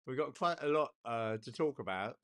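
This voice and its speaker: A man's voice: medium pitch, lively intonation, normal speed. Chatty Englishman hosting a live stream. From England. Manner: chatty, warm greetings to viewers, frequent restarts. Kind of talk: casual live-stream chat.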